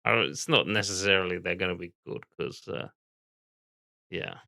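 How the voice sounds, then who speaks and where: A man's voice: sits low, moderate pace, creaky, sharp tone, no room sound, studio quality. A man, casually reacting to a stock video and bluntly swearing at his computer.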